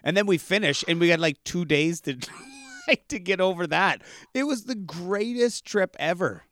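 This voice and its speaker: A man's voice: sits high, very animated, moderate pace, a bit bright. A man, a comedian telling a rambling road story in casual chat, full of restarts. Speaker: comedian guest.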